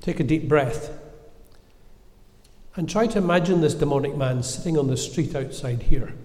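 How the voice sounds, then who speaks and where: A man preaching a sermon in a measured, gentle, earnest way, with reflective pauses. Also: on the high side. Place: church. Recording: echoey church with long reverb.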